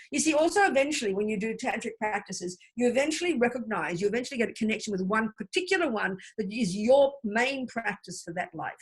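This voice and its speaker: A woman's voice: on the high side, slightly rough. A woman teaching a Buddhist study group over a video call, explaining mantras and leading recitation. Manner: warm explanatory teaching, chants mantra syllables for listeners to repeat.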